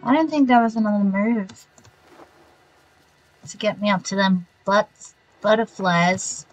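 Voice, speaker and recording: A woman's voice: mid-range voice, unhurried, low-quality recording. An Australian woman streaming a video game, chatting casually with viewers and muttering reactions as she plays. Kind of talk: casual gameplay chat with live viewers.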